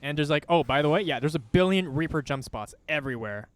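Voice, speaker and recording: Lively, chatty man casting a game. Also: on the high side, quick pace, no echo. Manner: animated, chatty, self-deprecating, thinks aloud. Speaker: esports caster. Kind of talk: live game commentary.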